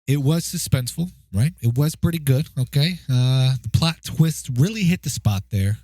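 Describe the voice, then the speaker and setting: A man's voice: mid-range voice, animated, moderate pace, mellow, dry recording. A man giving a casual spoken movie review, chatty and checking in with the listener as he goes. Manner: chatty, keeps asking "okay?" and "right?".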